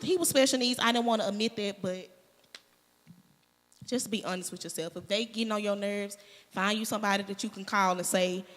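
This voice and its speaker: A woman telling a candid story in a casual panel chat, animated and laughing as she talks. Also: medium pitch, a little fast, in a large hall. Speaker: panel guest.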